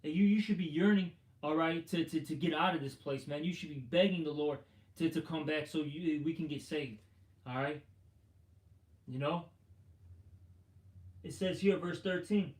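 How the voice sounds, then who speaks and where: A man's voice: fairly high pitch, normal speed, pauses often, darkish tone, reverberant. A man preaching an informal sermon and reading scripture, blunt and profane, stammering through restarts and tagging lines with "man" and "all right". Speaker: street preacher.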